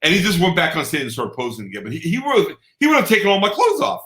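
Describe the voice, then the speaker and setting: Lively, bright-voiced man telling stories. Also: sits high, quick pace, reverberant. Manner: animated, laughing, exclaims. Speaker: guest photographer. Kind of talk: casual storytelling chat.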